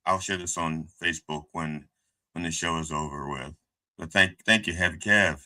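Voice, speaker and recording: Host, man, very low voice, slow and halting, bright edge. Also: fairly even intonation. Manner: hesitant, full of restarts. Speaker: show host. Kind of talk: casual live-stream chat.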